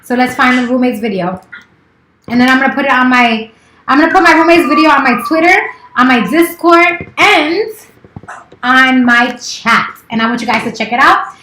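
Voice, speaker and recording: Woman, thirties, casual streamer, teasing, swears, high voice, echoey room. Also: moderate pace, sharp tone, a little hiss or hum. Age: 30s. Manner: playful, teasing, swears freely. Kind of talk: casual live-stream chat. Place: office.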